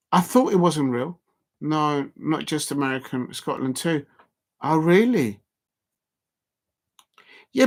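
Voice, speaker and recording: Excitable man commentating a live match stream. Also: sits high. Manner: excitable, chatty, reads out chat. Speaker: football watch-along streamer. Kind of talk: live watch-along commentary.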